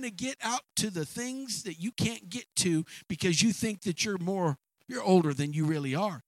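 A man's voice: high-pitched, animated, moderate pace, dry recording, rough recording. A man preaching a sermon, retelling a scripture story with dramatic acted asides and stammering restarts.

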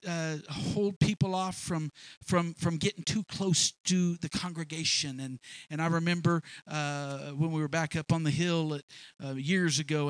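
A man preaching a sermon as pastor, animated and folksy, acting out animals as he makes his points. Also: on the high side, no room sound. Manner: animated preaching with sound effects.

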